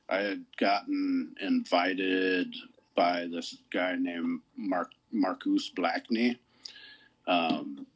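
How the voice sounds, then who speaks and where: A man's voice: low voice, husky, rough recording. A man, a tattoo artist guest, telling stories in a laid-back, casual way and swearing often. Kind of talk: casual conversation.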